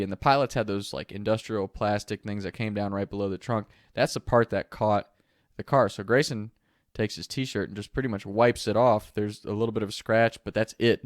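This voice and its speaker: A man's voice: on the low side, no echo, clean studio sound. A young man telling a funny story from his teens in a casual way, often laughing as he goes. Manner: laughs through the telling, animated. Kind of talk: casual anecdote.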